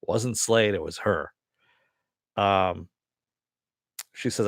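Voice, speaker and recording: A man's voice: sits low, takes it slowly, creaky, pauses often, no room sound, studio quality. A man casually retelling a TV episode in a rambling way, full of fillers. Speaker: TV show reviewer.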